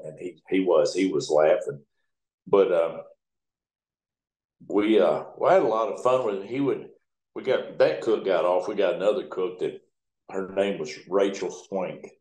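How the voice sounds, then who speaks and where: A middle-aged man with a low, deep voice, telling rambling, salty stories as a towboat captain. His speech is folksy and loose, with a roomy echo around it. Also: darkish tone. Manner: folksy, rambling, profane storytelling. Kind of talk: oral history interview storytelling.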